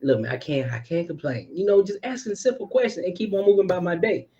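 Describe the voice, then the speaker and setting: A young man co-hosting a podcast in a relaxed, friendly way, often repeating phrases as he thanks viewers. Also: high voice, fast talker, dull audio, over a noisy crowd. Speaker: podcast co-host. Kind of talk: casual chat.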